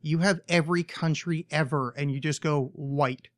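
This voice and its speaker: Host, male, slightly high voice, rambling and profane, dry close sound. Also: steady tone, normal speed, a bit bright, no room sound. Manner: rambling, profane, self-mocking. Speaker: podcast host. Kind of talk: casual chat.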